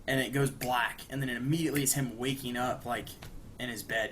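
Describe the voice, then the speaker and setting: A young man co-hosting a podcast, casually retelling a cartoon episode in a rambling way, with lots of fillers and quick put-on lines for the characters. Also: medium pitch, slight background noise. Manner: rambling, acts out quoted lines with animated bursts. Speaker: podcast co-host.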